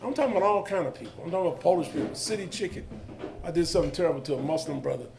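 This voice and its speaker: A man, speaking on a discussion panel in an animated, colloquial storytelling way that jumps into the voices of the people in his stories. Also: on the high side, rapid-fire, gravelly, heavy background noise. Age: 70s.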